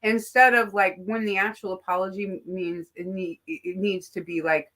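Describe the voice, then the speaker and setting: A woman's voice: medium pitch, steady tone, normal speed, few pauses, a bit bright. A woman hosting a casual chat, talking animatedly and acting out quoted apologies. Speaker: tarot podcast host.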